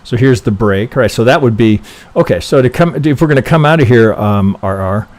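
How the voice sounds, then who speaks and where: A man with a mid-range, slightly mellow voice talks fairly quickly with lively intonation. He reviews trading charts on a live stream, thinking aloud casually, swearing freely and tacking "right?" onto nearly every point.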